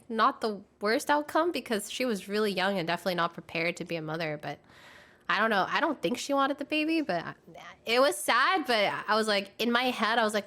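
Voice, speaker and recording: A young woman streaming live, telling stories from old jobs in loose, slangy chat. She is animated and laughs often, jumping into the voices of the people she quotes. Her voice sits at a middle pitch for a woman. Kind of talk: casual storytelling chat.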